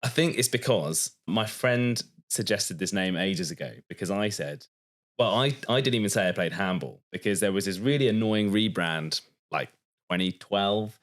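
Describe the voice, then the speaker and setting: Speaking at a moderate pace in a voice on the low side, this English podcast co-host keeps things casual. He chats freely, spins stories, and is quick to laugh.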